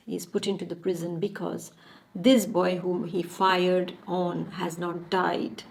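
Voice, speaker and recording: A woman's voice: fairly low pitch, level tone, slow pace, vocal fry, a little mellow, slight background noise, poor audio. Woman telling a story casually. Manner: informal, many fillers and restarts.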